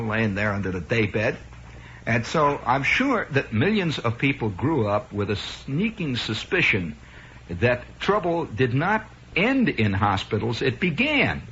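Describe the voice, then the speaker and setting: Wry, bright-voiced storytelling man. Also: mid-range voice. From American Midwest. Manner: rambling storyteller, wry, restarts and asides. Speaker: radio host. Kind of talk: improvised radio monologue. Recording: dull lo-fi radio broadcast with faint hiss.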